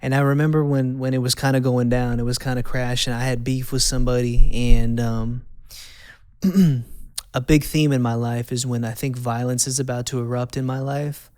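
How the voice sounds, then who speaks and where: A man's voice: mid-range voice, flat delivery, normal speed, darkish tone, smooth, no room sound, clean studio sound. A man, hosting and candidly telling his personal testimony in a conversational way, repeating phrases for emphasis. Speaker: host.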